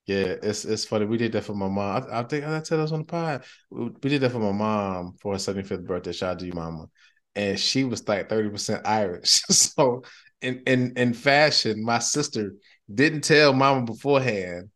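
A middle-aged man hosting a podcast in casual chat, animated and slangy, often laughing. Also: on the low side, moderate pace. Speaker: podcast host.

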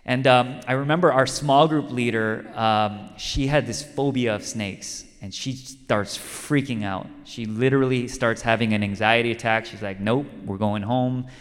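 Male pastor, mid-pitched, conversational sermon delivery, long hall reverb. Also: normal speed, few pauses. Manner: conversational preaching with stories and repeated lines for emphasis.

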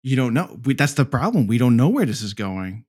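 A man's voice: mid-range voice, sing-song, brisk, darkish tone, slightly rough. A young man co-hosting a podcast in casual chat, laughing often and poking fun at himself. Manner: laughs often, self-mocking, acts out quoted voices. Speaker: podcast co-host.

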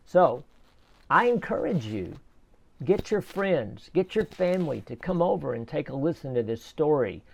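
A man slowly telling a personal faith story in a casual, halting way, often repeating his words. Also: on the high side, very animated, gravelly, husky. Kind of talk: casual spoken testimony.

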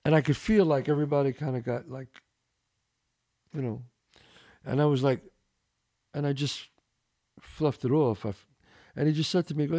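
An older man hosting a podcast with a Brooklyn accent, telling a story in an animated way, swearing and acting out dialogue. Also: mid-range voice, a little fast, creaky, long pauses. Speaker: podcast host. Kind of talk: storytelling in casual interview.

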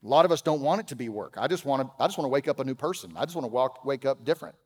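A man preaching a sermon as pastor, conversational, with humorous asides, swinging from loud emphasis to quiet. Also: mid-range voice, animated, very fast, slightly rough, in a large hall. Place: church auditorium.

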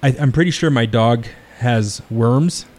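A man's voice: mid-range voice, measured pace, a little mellow. A man hosting a podcast, making a prank phone call with feigned earnest worry and a straight face. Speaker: podcast host.

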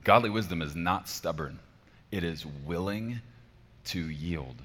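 Deep-voiced pastor preaching in a reverberant hall. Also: male voice, a little slow, a little hiss or hum. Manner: emphatic, rhetorical questions, swings between soft and loud. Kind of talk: sermon.

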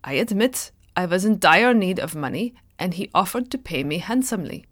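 A man's voice: high-pitched, lively intonation, moderate pace, fairly bright tone, dry recording, clean studio sound. A woman voicing a frightened, illiterate young German prisoner who pleads and protests in a raised voice. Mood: explaining.

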